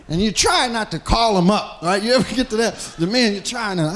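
A married man performing a profane, animated stand-up routine, acting out the voices of men in bars. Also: high voice, fairly quick, hardly any pauses, a little hiss or hum. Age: adult, married. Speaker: stand-up comedian.

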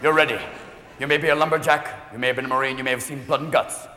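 A man performing a manic stand-up comedy routine, jumping between shouts and put-on voices, recorded live in a large theater. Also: mid-range voice, steady tone, racing. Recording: live show in a big hall with a crowd. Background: audience laughter and crowd noise.

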